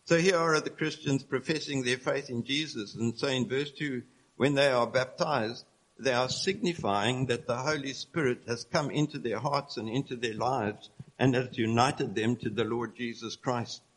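A man preaching a sermon, explaining scripture in an earnest, steady way and reading verses aloud. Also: mid-range voice, normal speed, poor audio.

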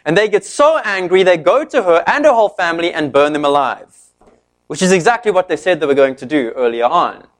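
A man preaching a sermon, retelling a story in an animated way and briefly voicing each character's lines. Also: fairly high pitch, a little fast.

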